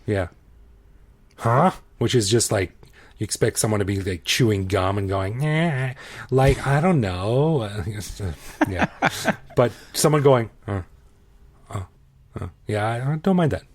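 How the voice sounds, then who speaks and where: A man with a lowish voice hosts a casual podcast. He sounds easygoing and playful and laughs often as he talks. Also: expressive, moderate pace, a little mellow. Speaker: podcast host. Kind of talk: casual conversational podcast chat.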